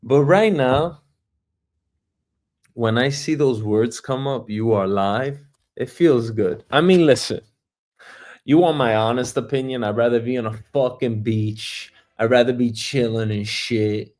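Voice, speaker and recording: A man's voice: mid-range voice, measured pace, darkish tone. A man hosting his own livestream, ranting casually with lots of swearing and mocking laughs. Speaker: livestream host.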